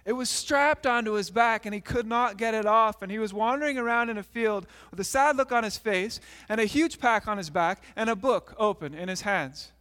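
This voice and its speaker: A man preaching, then telling a story to kids in an animated way, acting out the characters. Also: sits high, normal speed, few pauses, big-room sound. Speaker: pastor. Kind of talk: sermon and children's story retelling.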